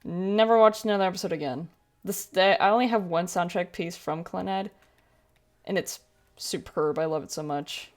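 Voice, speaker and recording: A young woman with a fairly low-pitched voice talks casually as she draws on a livestream. She rambles from one thought to the next, trailing off, restarting, and filling gaps with "like" and "um". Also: moderate pace. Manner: rambling and chatty, with many fillers and self-corrections. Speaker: streamer. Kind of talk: casual chat while drawing on a livestream.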